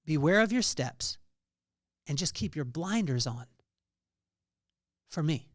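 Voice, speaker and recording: Middle-aged male podcast host, earnest storyteller, slightly raised pitch, dry room. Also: animated, slow pace, no room sound. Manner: earnest storytelling, rising to loud emphasis. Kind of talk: faith-based motivational talk.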